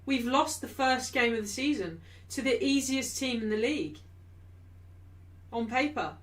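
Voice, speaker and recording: A woman's voice: on the high side, expressive, unhurried. A young woman hosting a live football watchalong, ranting in exasperation at her team. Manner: shouting in frustration. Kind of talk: live match watchalong commentary.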